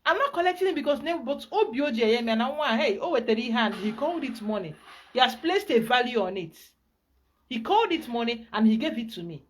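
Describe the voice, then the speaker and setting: A woman with a Nigerian accent, a spiritual guide giving an emphatic, animated teaching talk. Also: fairly high pitch, fast talker.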